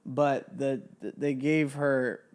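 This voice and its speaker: A young man co-hosting a married couple's podcast in casual chat, playful and earnest with quick asides. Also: medium pitch, steady tone, a little mellow, clear, resonant tone. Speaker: podcast co-host.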